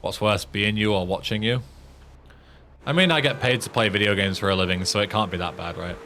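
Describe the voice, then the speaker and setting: A man's voice: lowish voice, a little fast, pushed and bright, slight background noise. A man with an English accent, a game streamer chatting casually and swearing while he plays. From England. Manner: laid-back, sweary, self-mocking. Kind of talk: casual gaming commentary.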